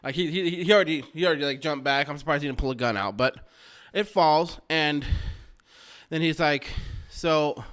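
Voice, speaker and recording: A man with a slightly high voice tells a rambling personal story casually at a normal speed, swearing freely and mocking himself. He grows loud and excited as the story builds.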